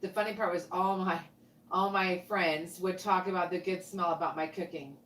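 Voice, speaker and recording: A woman's voice: lowish voice, fairly even intonation, normal speed, a bit bright. A woman co-hosting a livestream in casual chat, reading viewer comments aloud and laughing often. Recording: roomy, distant from mic.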